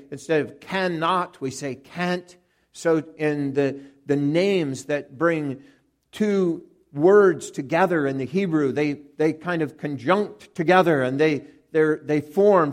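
A man with a high voice delivers an expository sermon at an unhurried pace. He restarts and repeats words often, and leans on each quoted phrase. His talk is measured and deliberate. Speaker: preacher.

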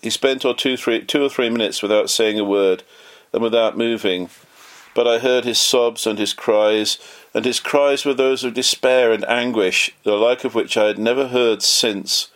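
A man reading a memoir aloud in an earnest, measured way, lightly voicing the quoted lines. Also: mid-range voice, steady tone, a bit bright. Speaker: audiobook narrator.

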